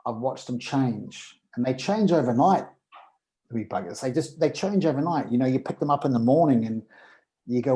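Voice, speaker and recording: A man, a podcast guest, telling a personal story in casual conversation and acting out the dialogue with lively energy. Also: mid-range voice, normal speed, poor audio.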